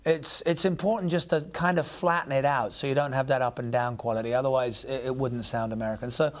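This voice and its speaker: A man's voice: mid-range voice, fairly even intonation, brisk. An English man talking about his acting work in an interview, thoughtful and often searching for his words. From England. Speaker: actor guest. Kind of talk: reflective interview answers.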